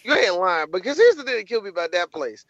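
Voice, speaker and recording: A man with a high, gravelly voice co-hosts a podcast, riffing rowdily and cursing freely. The sound is dry and a little dull, like a lo-fi home mic. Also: very animated, fast talker, a bit bright, dry recording. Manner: rowdy, profane riffing with acted-out bits. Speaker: podcast co-host. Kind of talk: casual podcast banter.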